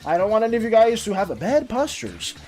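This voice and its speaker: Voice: mid-range voice, sing-song, a little fast, darkish tone, soft background music. An art streamer chatting casually with viewers, friendly and encouraging, often repeating words and restarting sentences.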